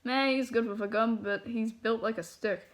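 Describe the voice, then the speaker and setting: A woman's voice: on the high side, fairly even intonation, moderate pace, natural voice. A woman reading the lines of scheming male henchmen in a plain, matter-of-fact voice.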